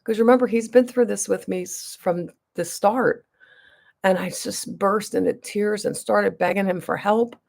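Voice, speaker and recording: A woman's voice: medium pitch, fairly even intonation, normal speed, gravelly, darkish tone. A woman vlogger telling a long personal story to her viewers in a rambling, emphatic way, full of restarts and asides. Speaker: beauty vlogger.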